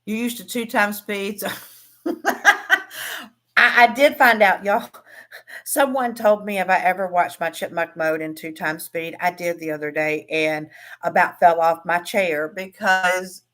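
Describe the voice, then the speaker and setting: A woman's voice: lowish voice, fairly even intonation, a little slow, fairly bright tone. A woman, hosting a casual livestream, chatting with viewers about crafting, laughing often and trailing off into restarts. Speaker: craft livestream host and teacher. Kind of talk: casual livestream chat reading comments.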